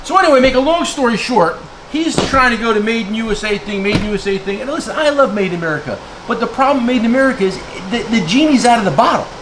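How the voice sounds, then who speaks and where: Fired-up man ranting, loud background. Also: extremely high pitch, lively intonation, fast talker, noisy background. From New Jersey. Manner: angry, blunt, name-calling, lots of "okay?". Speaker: tool dealer vlogger. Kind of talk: heated rant to camera.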